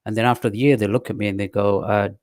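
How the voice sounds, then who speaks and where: A man's voice: fairly low pitch, steady tone, rapid-fire, darkish tone, no room sound, studio quality. A man in his sixties with a London accent, a podcast guest telling chatty stories with frequent restarts. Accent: London English. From England. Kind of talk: casual storytelling chat.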